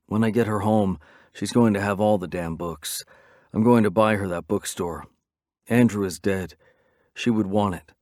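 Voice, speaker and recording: A man reads a romance audiobook in the first person, brooding and intense throughout. His voice sits fairly low, and the read is dry and close to the mic. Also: no echo. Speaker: audiobook narrator.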